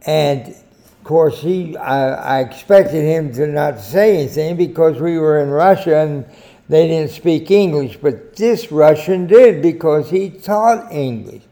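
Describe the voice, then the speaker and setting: An older American man hosting a short editorial, telling anecdotes in a slow, deliberate storytelling manner. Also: fairly high pitch, warm tone. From United States. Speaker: editorial host.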